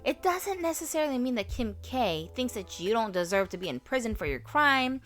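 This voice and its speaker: Woman, sassy vlog commentary, very lively pitch, faint music behind. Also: a little fast. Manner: sassy, opinionated, talks straight to viewers. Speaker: vlogger host. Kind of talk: casual commentary.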